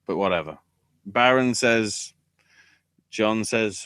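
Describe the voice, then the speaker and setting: A man hosting a wrestling podcast, talking casually with sarcasm and swearing, and acting out quotes in loud bursts. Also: on the low side, a little slow, no room sound.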